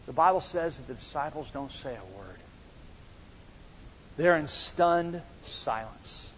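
A man with a high voice preaches an animated sermon as pastor, dropping low and then rising loud as he acts out the story. The sound is dull and lo-fi, and a long echo trails his words through the church sanctuary. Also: slow, a little hiss or hum. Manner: animated, acts out dialogue with big swings in loudness.

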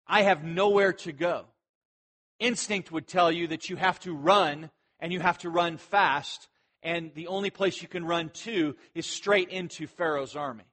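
Animated high-voiced male preacher. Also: normal speed. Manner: animated, shouts imperatives for emphasis; conversational asides with fillers. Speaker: pastor. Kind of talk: expository sermon.

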